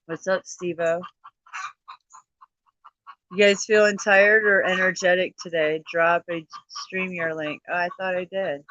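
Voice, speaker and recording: A woman's voice: on the low side, fairly even intonation, measured pace, fairly bright tone, dry recording, highs cut off. A woman hosting a casual livestream chat. She sounds tired, swears often and laughs easily. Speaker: livestream host.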